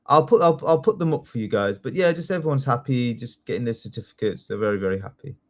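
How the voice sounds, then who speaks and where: A man teaching a live online test-prep class, chatty and excitable, often apologizing as he goes. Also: medium pitch, fast. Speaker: citizenship test tutor.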